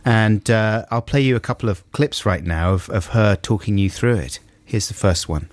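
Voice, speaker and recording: A man's voice: on the low side, moderate pace, no room sound. A British man co-hosting a radio show in casual, playful banter, now and then slipping into silly voices. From Britain. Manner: playful, slips into silly voices and sung lines. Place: radio studio. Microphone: studio microphone.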